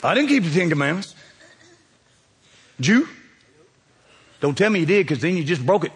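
A man's voice: on the high side, lively intonation, a little fast, pauses often, slightly rough, in a large hall. A man preaching a sermon in a church sanctuary, folksy and dramatic, talking straight to the congregation.

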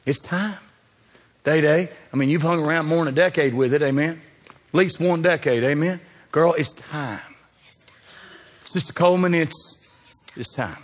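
A man's voice: a little high, fairly quick, breathy edge, long reverb tail. A man preaching a sermon in a church sanctuary, folksy and dramatic, talking straight to the congregation.

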